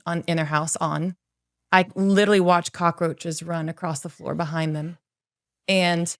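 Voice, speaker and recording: A woman's voice: on the low side, smooth. A middle-aged woman telling personal stories with earnest energy as a coach on a podcast, acting out what people said. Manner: animated, earnest storyteller who acts out quoted voices. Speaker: guest, confidence coach. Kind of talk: podcast interview storytelling.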